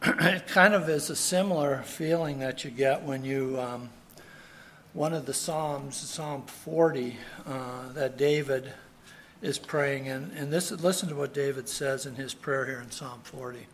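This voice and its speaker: A man's voice: mid-range voice, a little slow, fairly bright tone, a little hiss or hum. A man preaching a sermon in an earnest way, repeating his key phrases for emphasis. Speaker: pastor.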